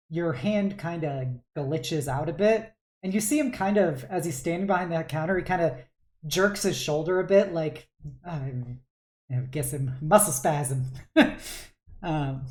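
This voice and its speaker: Low, slow woman game master, hesitant narration. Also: darkish tone. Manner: hesitant, full of fillers.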